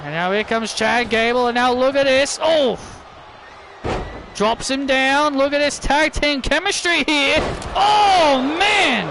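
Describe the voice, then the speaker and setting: A man doing excitable play-by-play wrestling commentary over a video game, repeating himself and bursting into shouts. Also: extremely high pitch, measured pace, background noise.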